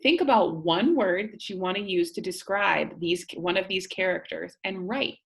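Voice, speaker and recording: A woman teacher reading a storybook aloud and explaining it to students, asking them gentle questions. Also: fairly low pitch, normal speed, gravelly.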